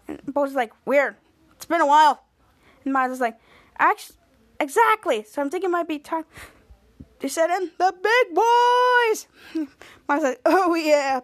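A woman hosting a podcast, casually retelling a TV episode and acting out the characters' lines. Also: sits high. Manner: acts out characters' lines with lively voices. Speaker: podcast host.

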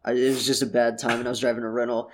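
A young man telling a story in casual chat, animated and laughing as he goes. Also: mid-range voice, rapid-fire, a little hiss or hum.

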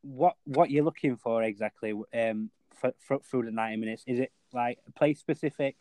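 A man co-hosting a podcast chat in a relaxed way, asking questions with pauses and fillers. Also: medium pitch, dry recording.

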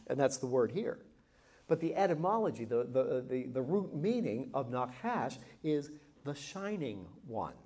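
A man teaching a Bible class lesson, telling the story expressively and slowing down to act out quoted lines. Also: medium pitch, mellow. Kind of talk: Bible class lesson with acted scripture reading.

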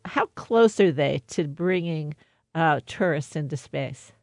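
A woman with a lowish voice hosts an interview, dropping wry, joking asides between questions. The sound is dry and close, with no room around her. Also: animated, slow, dry recording. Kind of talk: conversational interview.

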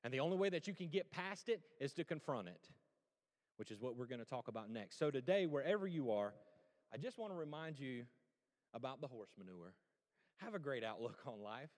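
A man's voice: medium pitch, a little fast, in a large hall. A male pastor preaching a sermon, telling a story and asking his listeners questions. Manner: storytelling, animated, asks the crowd questions. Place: church sanctuary.

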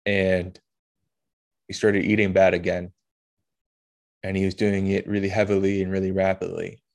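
Man, podcast host, low voice, monotone, emotional, halting, blunt swearing. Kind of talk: personal storytelling monologue.

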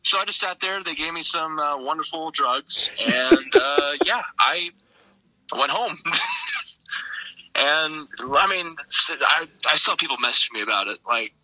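A man's voice: a little high, sing-song, unhurried, sharp tone, rough recording. A young man, a wrestler being interviewed, tells stories casually in a laid-back, profane way and laughs often. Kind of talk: casual storytelling.

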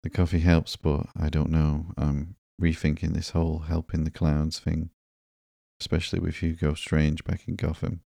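A man reading the lines of a sarcastic young woman antihero in a low-key, barely changed voice for a sleepy comic book reading. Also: completely flat delivery, moderate pace, gravelly, warm tone, dry recording, studio quality, heavily acted. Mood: glum.

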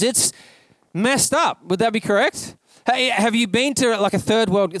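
An Australian man preaching in a relaxed, conversational way, his voice sitting high for a man. He tells stories with lots of "like" and casual asides. The sound is close and dry, with little room around it. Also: no room sound. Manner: chatty storytelling, peppered with "like". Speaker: pastor. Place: church.

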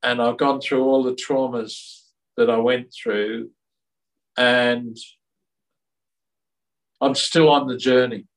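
A man's voice: medium pitch, fairly even intonation, recorded from a distance, poor audio. Earnest, reflective man, slightly off-mic. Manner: earnest and reflective, with halting restarts. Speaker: interview guest. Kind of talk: reflective conversational storytelling.

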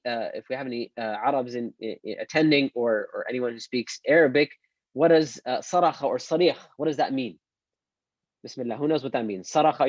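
A male Islamic teacher giving an online religious lesson, animated and acting out quoted speech. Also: mid-range voice, no echo, lo-fi sound.

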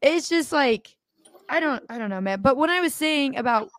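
A young woman co-hosting a podcast, animated and swearing often as she acts out quotes. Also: high-pitched, normal speed, no room sound. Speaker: podcast co-host. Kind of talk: casual podcast chat.

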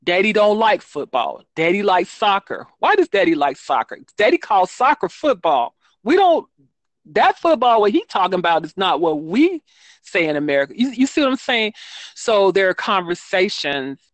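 A woman who writes children's books speaks as an interview guest at a moderate pace, her medium-pitched voice swinging widely in pitch. Her casual talk rambles, full of ums and self-corrections, with no room sound.

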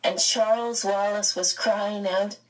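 A woman narrating a storybook aloud in a slow, expressive reading. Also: medium pitch, far from the mic, rough recording. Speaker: audiobook narrator.

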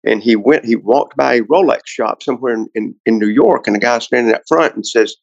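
A man's voice: medium pitch, a little fast, creaky, no room sound, highs cut off. A man, a car collector guest on a podcast, telling a long story in a casual, rambling way with many restarts.

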